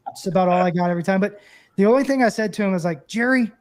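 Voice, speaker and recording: A man with a high-pitched voice, chatting casually as an interview guest. He tells animated stories and slips into the voices of the people in them. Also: very fast. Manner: animated storyteller, acts out quoted voices. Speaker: former catcher and broadcast analyst guest.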